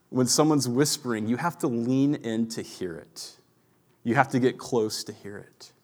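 Earnest man in his thirties preaching. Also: medium pitch. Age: 30s. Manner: earnest, reflective, drops to a hushed voice for quiet moments. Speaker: pastor. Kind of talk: sermon.

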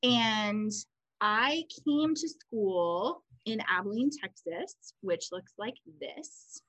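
A woman's voice: medium pitch, takes it slowly, no room sound, poor audio. A woman co-hosting a conversational show, explaining ideas in a chatty, storytelling way. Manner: chatty, animated storytelling with quoted voices. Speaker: podcast co-host.

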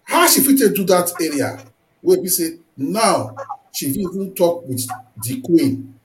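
A man's voice: sits high, sing-song, measured pace, a little hiss or hum. A Nigerian man hosting an interview, praising his guest and asking long, winding questions. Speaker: interview host. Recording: roomy echo.

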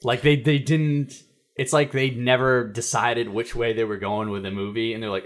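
A man's voice: medium pitch, little pitch movement, normal speed. A man co-hosting a casual movie podcast, retelling scenes and acting out the lines. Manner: storytelling, acts out quotes, laughs along. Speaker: podcast co-host. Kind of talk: casual movie review chat.

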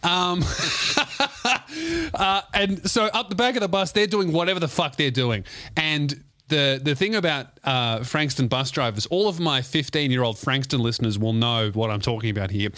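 A man's voice: on the high side, normal speed, bright, forceful tone, no echo, clean studio sound. Sweary man telling a story. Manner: rambling, profane, laughing at his own story. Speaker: podcast host. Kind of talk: comedic storytelling.

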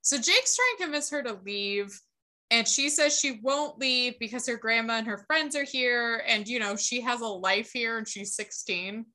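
A woman's voice: a little high, expressive, normal speed, bright, forceful tone. A young woman co-hosting a podcast, retelling a TV episode in casual chat, acting out the characters' lines, swearing and laughing as she goes. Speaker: podcast co-host.

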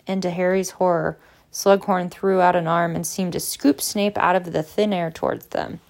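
A woman narrating a novel aloud, lively, with small slips and restarts. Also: fairly low pitch, normal speed, vocal fry. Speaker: audiobook reader. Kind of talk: storybook narration.

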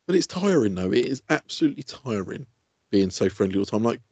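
Lively fast-talking man. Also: fairly low pitch, slightly rough, no echo. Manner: animated, laughing, swearing freely. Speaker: podcast co-host. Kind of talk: casual chat. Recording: dull lo-fi sound.

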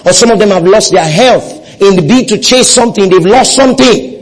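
A man's voice: high-pitched, fairly quick, rough recording. A man preaching a sermon, leading his congregation in call-and-response and repeating phrases for emphasis. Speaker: pastor.

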